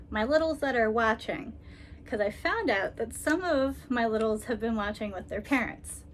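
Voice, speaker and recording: A woman vlogger talking casually and tenderly, with frequent ums and soft laughs, near tears. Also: a little high, a little hiss or hum. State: emotional, holding back tears. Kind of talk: casual personal vlog.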